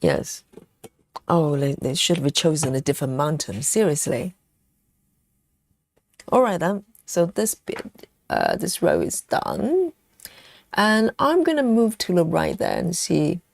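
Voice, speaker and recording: Female stitching streamer, unhurried and chatty, with a lilting, swooping voice and dry close sound; laughs a lot. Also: mid-range voice, vocal fry, a little mellow, dry recording. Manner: chatty, laughs often, thinks aloud. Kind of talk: live stitch-along chat.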